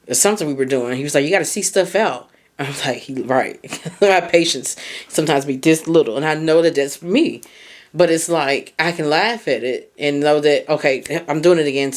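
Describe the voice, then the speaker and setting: A woman hosting a casual solo podcast on self-growth, talking candidly, swearing freely and putting reflective questions to the listener. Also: sits low. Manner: candid and conversational, swears freely, laughs at herself. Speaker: podcast host.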